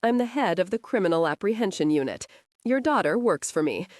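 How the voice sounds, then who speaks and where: A woman reading the part of a man who leads an FBI unit, speaking in a calm, firm and steady way. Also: medium pitch, brisk, no room sound, clean studio sound, close to an everyday voice.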